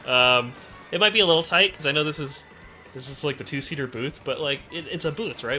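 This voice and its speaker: A man's voice: medium pitch, fairly quick, bright, forceful tone, soft background music. A man in casual comedic chat, rambling through absurd hypotheticals and laughing often.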